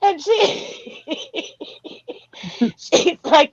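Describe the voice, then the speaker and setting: A woman's voice: medium pitch, a little slow, no room sound, muffled recording. A woman from Florida, hosting a casual live chat, telling stories and laughing often. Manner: chatty storyteller, laughs often.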